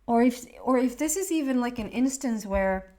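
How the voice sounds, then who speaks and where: A woman in her thirties giving a tarot reading in a casual, rambling monologue, emotional and quick to laugh. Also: on the high side, expressive, mellow. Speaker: tarot reader.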